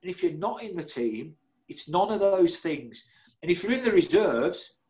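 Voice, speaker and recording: Male guest, 60s, slightly high-pitched, animated self-mocking storyteller. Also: moderate pace. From Birmingham, England. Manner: animated, self-deprecating, laughs through his stories. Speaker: guest, former footballer. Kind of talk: anecdotal storytelling.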